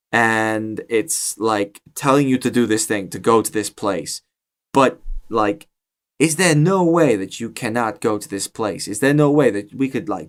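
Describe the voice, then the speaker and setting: Rambling man in an attempted Irish accent. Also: medium pitch. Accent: attempted Irish accent for his character. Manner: rambling, pleading with many fillers. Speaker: player. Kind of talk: in-character tabletop play.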